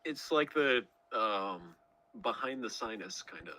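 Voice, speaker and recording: A man co-hosting a casual streamed chat, speaking in a relaxed, wry way and prompting with questions. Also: on the low side, measured pace, poor audio. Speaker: co-host.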